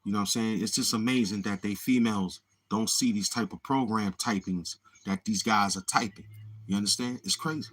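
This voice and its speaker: A man hosts a casual livestream, rambling between thoughts and murmuring many mm-hmms. His voice is fairly low, brisk, and a bit bright.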